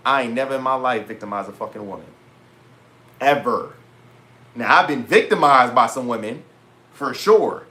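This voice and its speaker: A man's voice: mid-range voice, normal speed, pauses often. Slangy young man ranting to camera. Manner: animated, slangy, swears, retells dialogue in quoted voices. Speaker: vlogger. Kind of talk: casual storytelling rant to camera.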